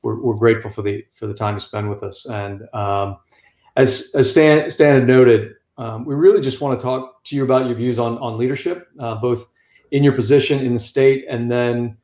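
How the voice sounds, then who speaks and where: A man's voice: medium pitch, steady tone, a little mellow. Man asking questions in an echoey room. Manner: halting, with many fillers and restarts. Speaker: podcast co-host. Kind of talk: interview questions. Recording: roomy echo.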